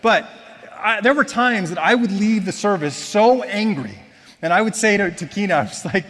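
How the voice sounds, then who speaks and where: A man with a somewhat high voice tells his personal testimony in a church, in a casual, self-deprecating way. He moves between lively storytelling and quiet, reflective moments. A long reverb from a large church hall trails behind each phrase. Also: normal speed. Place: church auditorium.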